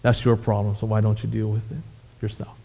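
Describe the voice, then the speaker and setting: A man's voice: on the low side, completely flat delivery, a little fast, creaky, warm tone, pitched below the performer's own voice. A man voicing a big, smug cow who dismisses a plea, in an echoey hall.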